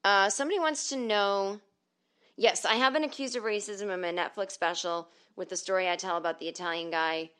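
A woman's voice: mid-range voice, fairly quick, smooth. A middle-aged woman hosting a solo comedy podcast from home, reading stories and listener emails with sarcastic, profane asides. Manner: profane, sarcastic, animated storytelling.

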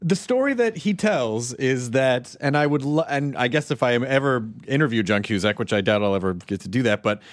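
A man hosting a podcast, reading an ad and chatting in a rambling, jokey way with quick restarts. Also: mid-range voice, animated, no room sound, studio quality. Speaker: podcast host. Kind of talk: casual chat and live-read ad.

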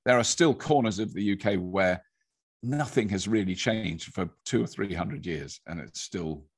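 An older English man with a fairly posh accent and a husky voice, telling stories in a rambling, casual conversation. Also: sits low, moderate pace. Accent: English, fairly posh (received pronunciation trained). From England. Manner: rambling, storytelling, with laughs.

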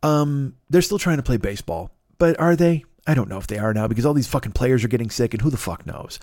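A middle-aged man hosting a podcast, ranting angrily with constant swearing and acting out both sides of an argument in quick voices. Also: medium pitch, animated, darkish tone, dry recording, clean studio sound. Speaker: podcast host. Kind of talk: profane ranting monologue.

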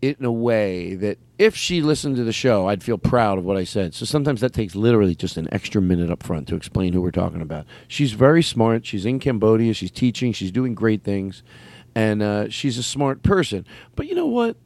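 A man's voice: fairly low pitch, sing-song, brisk, darkish tone, no echo. A man hosting a comedy podcast, talking casually, rambling and circling back to press his point. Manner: rambling, restarts, builds arguments insistently. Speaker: podcast host.

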